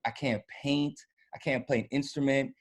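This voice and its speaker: A man's voice: medium pitch, steady tone, moderate pace. Man telling loose, slangy stories. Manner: loose, slangy storytelling with many fillers. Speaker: podcast guest, former college football punter. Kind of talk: casual chat.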